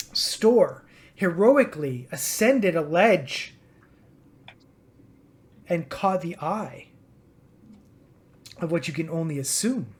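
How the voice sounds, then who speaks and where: A woman narrates a tabletop game as game master. Her voice sits low and she talks slowly, relaxed and casual with the odd filler.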